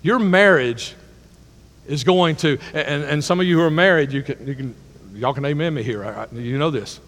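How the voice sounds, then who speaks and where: A male pastor preaching a sermon, dropping to a hush and then rising to loud, excited emphasis, often repeating words as he restarts phrases. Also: a little high, normal speed. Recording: long hall reverb.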